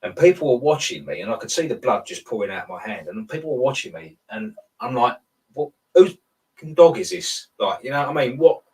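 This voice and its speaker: A man's voice: mid-range voice, sing-song, quick pace, hardly any pauses, distant mic, rough recording. A man telling a long dream story in casual chat. He rambles, restarts often and acts out quoted lines. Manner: rambling storyteller, self-interrupting.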